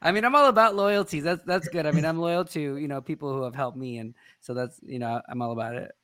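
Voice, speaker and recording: Lively man telling a story, dry sound. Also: a little high, fast, no room sound. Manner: animated storyteller, swears freely. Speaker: podcast co-host. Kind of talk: casual podcast chat.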